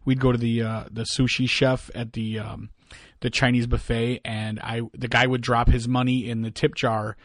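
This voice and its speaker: A man's voice: medium pitch, flat delivery, no room sound, clean studio sound. A man, co-hosting a casual podcast chat, laughing often and stumbling through his stories. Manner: laughs often, halting restarts. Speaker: podcast co-host.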